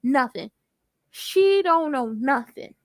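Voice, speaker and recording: Sassy high-voiced woman recapping TV. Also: slow, no room sound. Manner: sassy, animated, with playful asides. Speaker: TV recap YouTuber. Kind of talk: casual TV episode recap.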